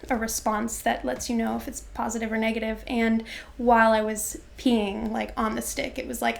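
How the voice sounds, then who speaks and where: Reflective young woman with a high voice. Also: flat delivery, gravelly. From Florida, USA. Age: 20s. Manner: reflective, halting, many fillers and restarts. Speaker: interviewee sharing a personal story. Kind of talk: personal storytelling interview.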